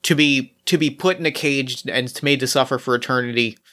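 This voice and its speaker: A man playing Orpheus as a kind, earnest hero, speaking solemnly with many halting restarts. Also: medium pitch, sharp tone, natural voice. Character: Orpheus, earnest gentle male hero, merciful.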